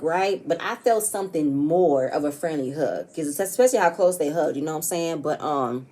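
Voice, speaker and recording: Woman recapping a reality show, lowish mellow voice, super chatty, swears a lot, keeps saying "you know what i'm saying". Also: animated, a little fast, few pauses. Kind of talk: casual episode recap.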